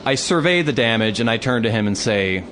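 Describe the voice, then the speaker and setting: A man's voice: mid-range voice, fairly quick, slight background noise. A man hosting a podcast, telling a story in casual chat with lots of swearing and acted-out quotes. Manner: animated storytelling, acts out quotes, swears a lot. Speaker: podcast host.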